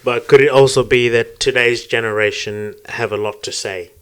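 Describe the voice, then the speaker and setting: A man's voice: mid-range voice, steady tone, moderate pace, fairly bright tone, clean tone. A man on a podcast panel, giving wry, opinionated remarks in casual chat.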